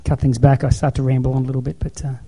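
A man's voice: mid-range voice, level tone, racing, warm tone. A man preaching a sermon as pastor, telling stories in an emphatic, repetitive way.

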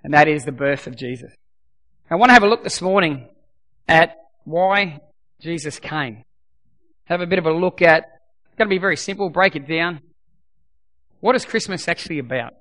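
Aussie pastor guy preaching, bright voice, keeps repeating lines, chatty and earnest. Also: a little high, moderate pace, pauses often. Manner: earnest, conversational preaching with repetition. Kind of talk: sermon.

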